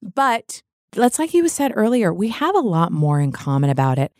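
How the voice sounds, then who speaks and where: A middle-aged woman talking openly and reflectively as a podcast guest, lively when she quotes other people. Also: mid-range voice, moderate pace, dry recording, studio quality. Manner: open, reflective, animated when quoting others. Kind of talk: candid podcast conversation.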